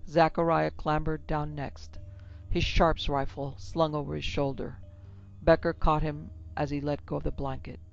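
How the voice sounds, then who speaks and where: A woman tells a horror tale in a steady, measured, gravelly voice that stays within a narrow range. The audio is a bit muffled, with faint music playing under the narration. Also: deep voice. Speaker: narrator and producer. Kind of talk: scripted horror story narration. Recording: slightly dull lo-fi with music.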